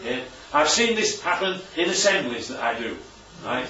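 A man's voice: on the high side, sing-song, moderate pace, bright, forceful tone, a little hiss or hum. A man teaching the Bible to a small church group, asking them questions and joking as he goes. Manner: asks the audience questions constantly; jokey asides. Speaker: preacher. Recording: roomy, distant, dull lo-fi room recording.

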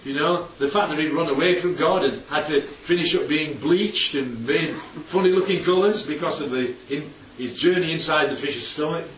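A man gives a chatty, conversational sermon and keeps tossing rhetorical questions at the congregation. His voice sits on the high side with a fairly bright tone, moving at normal speed with few pauses. It was recorded from a distance in an echoey hall on a dull mic, with slight background noise.

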